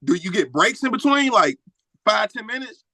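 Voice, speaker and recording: A man's voice: high voice, sing-song, moderate pace, pushed and bright, dry recording. A man hosting a podcast in a casual interview, asking eager follow-up questions. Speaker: podcast host.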